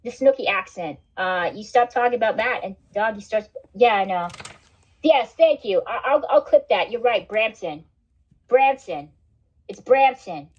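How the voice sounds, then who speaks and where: A woman's voice: a little high, animated, unhurried, a little mellow. A woman hosting a casual livestream, rambling and swearing, with "like" and "dude" in most sentences. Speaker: livestream host. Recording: dull lo-fi stream audio.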